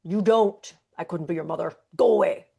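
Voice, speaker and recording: Woman playing a loud, grumpy storybook walrus who snaps curtly. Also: lowish voice, normal speed, heavily acted. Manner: grumpy, gruff, curt.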